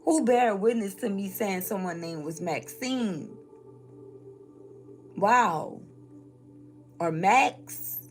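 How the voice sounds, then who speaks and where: A woman's voice: medium pitch, animated, drawn-out words, pauses often, soft background music. A woman from New Orleans, chatting casually through a tarot reading and laughing often. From New Orleans, Louisiana. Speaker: spiritual reader. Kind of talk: tarot reading live stream.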